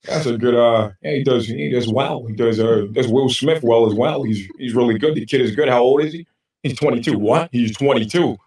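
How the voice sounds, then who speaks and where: A man's voice: medium pitch, a little fast, lightly acted. A man doing a cool, laid-back movie star. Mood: approving. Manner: relaxed, approving, repeating phrases. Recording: roomy, distant clip.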